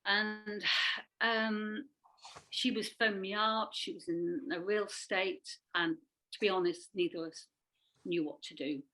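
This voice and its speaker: A woman with a low voice gives a personal account at a webinar. She speaks haltingly, pausing often, filling gaps with "uh" and restarting her sentences. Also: fairly bright tone, rough recording. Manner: halting, with many fillers and restarts. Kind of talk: personal testimony.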